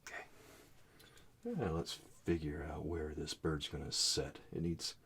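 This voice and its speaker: Very deep soft-spoken man teaching painting. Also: a little slow, slight background noise. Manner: soft-spoken, muttering asides while painting. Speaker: art teacher.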